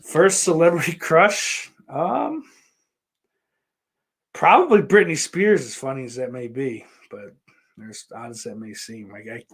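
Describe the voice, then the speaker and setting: New guy on a podcast, rambling and cursing a lot, tons of likes and you knows, middle pitch. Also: measured pace, slightly rough. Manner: rambling, swears often, many fillers and restarts. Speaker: podcast host. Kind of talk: casual chat answering viewer questions.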